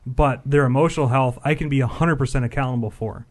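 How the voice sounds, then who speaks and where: A man chatting casually about parenting and his memories, rambling and loose. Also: mid-range voice. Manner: quick, rambling, casual swearing. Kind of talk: casual chat.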